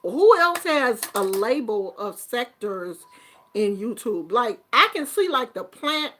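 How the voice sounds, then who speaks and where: A middle-aged woman chatting casually to her viewers, telling animated stories and laughing through them. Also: on the high side, slow, slight background noise. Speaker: YouTuber. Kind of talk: casual storytelling chat.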